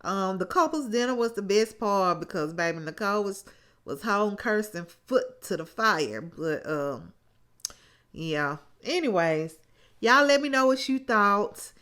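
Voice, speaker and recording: A woman's voice: mid-range voice, expressive, measured pace, a bit bright. A woman hosting a casual reality-show recap, talking sassily straight to her viewers. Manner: sassy, talks straight to viewers. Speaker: TV recap host.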